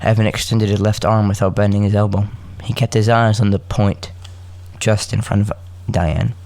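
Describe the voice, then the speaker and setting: A man hosting a podcast, reading a story aloud with halting restarts and joking asides. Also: fairly low pitch, flat delivery, vocal fry, darkish tone, no echo. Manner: halting, self-correcting, joking asides between coughs.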